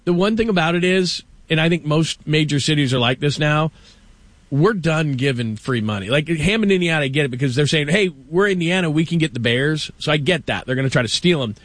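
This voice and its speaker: Male sports-talk host, middle-aged, from Los Angeles, animated and emphatic, dry close mic. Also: fairly high pitch, a little fast, no room sound. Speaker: show host.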